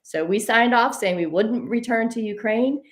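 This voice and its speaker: A woman telling a personal travel story in a casual, animated way. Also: on the high side, normal speed. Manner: animated, addresses listeners as y'all. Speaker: host.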